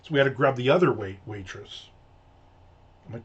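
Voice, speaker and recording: A man's voice: medium pitch, normal speed, pauses often, breathy edge, dull audio. Exasperated man ranting about a diner visit. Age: adult. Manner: animated, exasperated, swears freely. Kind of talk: casual storytelling chat.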